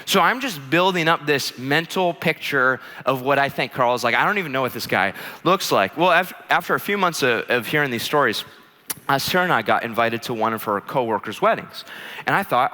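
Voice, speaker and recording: A man preaching a sermon, telling a story in an animated, chatty way with many fillers. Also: medium pitch, fairly quick. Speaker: pastor. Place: church auditorium. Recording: long church hall reverb.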